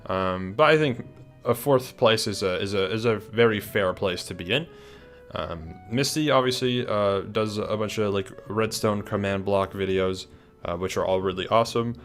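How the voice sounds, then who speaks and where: A young man with a lowish voice talks casually through a ranked list, chatty and unhurried in his own way. He hesitates often and restarts his sentences. Faint music plays quietly behind him. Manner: chatty, hesitant, many fillers and restarts, yawning. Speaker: video creator ranking players. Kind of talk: casual ranking commentary.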